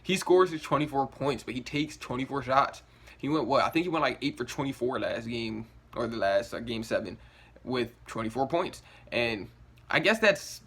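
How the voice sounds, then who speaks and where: A man talking straight to camera in a loose, frustrated rant, his thoughts spilling out in restarts and filler words. He sounds groggy, yawning now and then after just waking up. His voice sits in an ordinary middle pitch. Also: a bit bright, breathy edge. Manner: frustrated, rambling, swearing, many "like" fillers. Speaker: sports vlogger.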